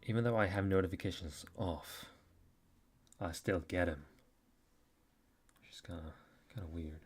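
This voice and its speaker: A man's voice: low-pitched, normal speed, slightly rough. A Norwegian man with an American-leaning accent chatting casually to viewers on a live stream, rambling with lots of fillers. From Norway.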